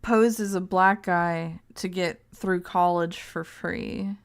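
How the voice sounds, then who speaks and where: A woman's voice: on the low side, fairly even intonation, slow pace, gravelly, clear, resonant tone. A woman streamer reading text aloud in casual live-stream commentary, breaking off into crude, joking asides and frequent laughs. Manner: laughs often.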